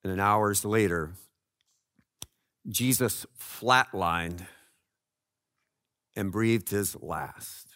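A man preaching a sermon, telling the story dramatically and swinging between loud cries and hushed low lines. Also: drawn-out words, long pauses, no echo, studio quality. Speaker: pastor.

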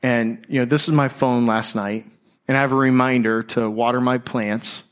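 A man preaching a sermon as pastor, speaking conversationally and slowing and softening on key phrases. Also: mid-range voice, steady tone.

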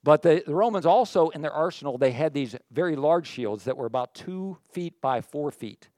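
A man's voice: fairly high pitch, lively intonation, moderate pace, darkish tone, no echo, studio quality. A man preaching a sermon as a pastor, folksy and conversational, with chatty asides to the congregation.

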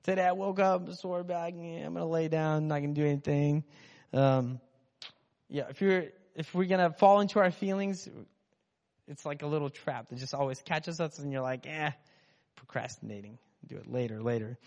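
A man's voice: a little high, normal speed, a little mellow. A man preaching a casual, joking sermon as a pastor, talking in a loose conversational way. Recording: muffled in a reverberant hall.

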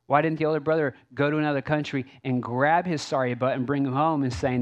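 A man's voice: mid-range voice, fairly even intonation, fast talker, muffled recording. A male pastor preaching a sermon in a conversational way, with asides and rhetorical questions.

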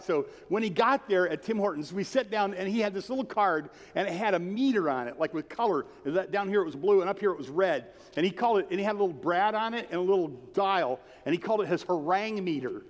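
High-voiced pastor preaching in a hall. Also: male voice. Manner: passionate and conversational, with rhetorical questions. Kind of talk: sermon. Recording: long reverb of a large hall.

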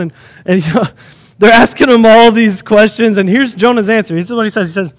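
A man preaching a sermon in an animated way, acting out the scenes he tells. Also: high voice, fairly quick, long reverb tail.

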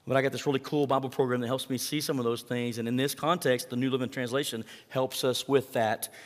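A man delivers a sermon in a mid-pitched voice. He preaches conversationally and keeps putting questions to the congregation. His voice carries a long reverb, as if in a large church hall. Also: steady tone, fast. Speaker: pastor.

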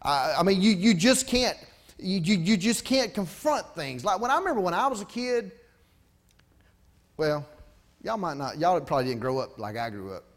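A man's voice: high voice, lively intonation, moderate pace. A middle-aged pastor, preaching a folksy, conversational sermon with asides to his congregation.

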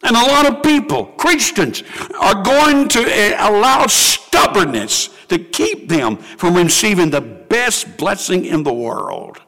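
Impassioned older pastor preaching. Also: male voice, sits high, animated, slow pace, bright, forceful tone. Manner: impassioned preaching, acts out prayers in quoted voices. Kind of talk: sermon. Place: church sanctuary. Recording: long hall reverb.

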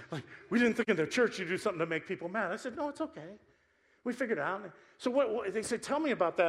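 Guy pastor preaching, high-ish voice, jokey and animated, telling stories from the pulpit. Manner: animated, joking storyteller. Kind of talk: sermon. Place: church sanctuary.

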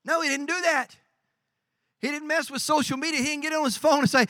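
A man preaching a sermon as pastor, animated, acting out quoted voices and swinging from quiet lines to shouts. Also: extremely high pitch, a little fast, no echo, studio quality. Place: church.

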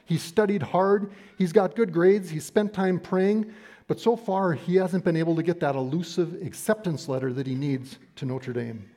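Middle-aged male preacher, mellow tone, deliberate and emphatic sermon delivery. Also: high-pitched. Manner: emphatic, deliberate, slows down on key phrases.

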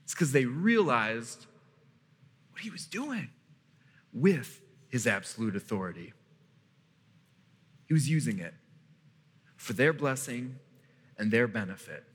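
A man preaching a sermon as pastor, emphatic, with dramatic pauses and repetition. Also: mid-range voice, big pitch swings, fairly bright tone, husky, long reverb tail.

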